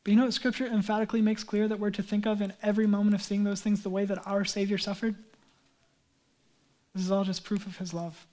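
A man preaching a sermon as a pastor, speaking fervently and emphatically, then closing in a soft, prayerful voice. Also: high voice, level tone, quick pace.

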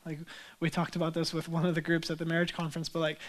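A young man preaches from the pulpit and tells a story along the way, acting out the voices of the people in it. His voice sits high for a man, and his delivery is animated. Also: fast. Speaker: pastor. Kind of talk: sermon with personal story.

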